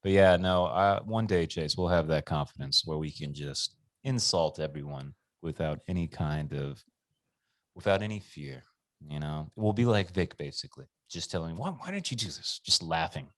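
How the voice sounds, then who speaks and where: A man's voice: a bass voice, moderate pace, no room sound. A man co-hosting a podcast in casual chat, laid-back, swearing freely and laughing often. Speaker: podcast co-host.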